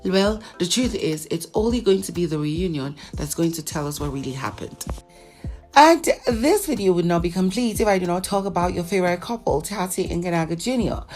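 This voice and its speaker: A woman with a fairly low voice dishes reality-show gossip in a chatty, dramatic way. She acts out the voices of the people she talks about. Soft music plays faintly behind her. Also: expressive, fairly quick. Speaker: celebrity gossip vlogger. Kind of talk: casual reality-TV recap.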